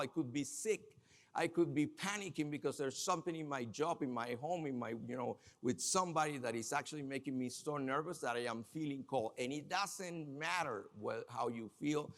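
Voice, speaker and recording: A man giving a conference talk on empathy who keeps asking the audience questions and talking with them directly. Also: mid-range voice. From Minnesota. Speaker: conference speaker. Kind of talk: conference presentation. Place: large conference hall. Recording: long hall reverb.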